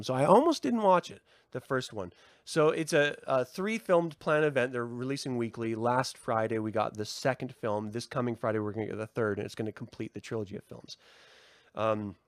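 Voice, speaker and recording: A man hosting his own podcast, a profane, heated rant that swings between shouting and calmer explaining, recorded indoors. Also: medium pitch, dry recording, clean studio sound. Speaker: podcast host. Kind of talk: ranting solo podcast. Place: indoor room.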